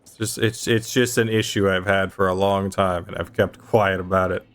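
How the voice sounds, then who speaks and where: A man's voice: sits low, flat delivery, moderate pace, clean tone. A young adult man streaming a game, chatting casually and ranting with emphatic, mock-outraged insistence. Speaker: gaming streamer.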